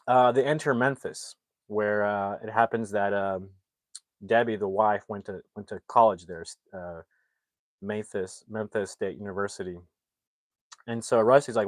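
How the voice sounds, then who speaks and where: A man with a fairly low voice retells a movie plot in a loose, rambling way, full of fillers and restarts. The sound is close and dry, with no room around it. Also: fairly even intonation, moderate pace, no echo. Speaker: film reviewer.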